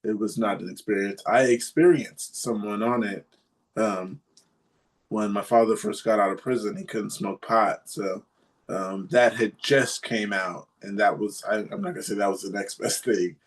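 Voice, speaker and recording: A man's voice: fairly low pitch, moderate pace. A man co-hosting a podcast, telling a story in a rambling, casual way with lots of fillers. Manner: rambling, many fillers, animated retelling. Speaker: podcast co-host.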